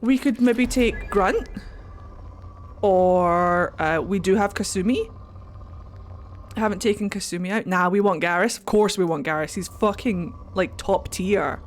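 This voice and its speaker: A woman's voice: medium pitch, measured pace, a little hiss or hum. A Scottish woman streaming a video game, chatting casually with viewers, joking and swearing freely. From Scotland. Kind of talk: casual live-stream commentary.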